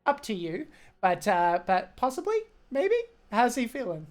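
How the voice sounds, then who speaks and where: A woman running a tabletop game as game master, explaining rules quickly and laughing often. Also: on the high side, sing-song, soft background music.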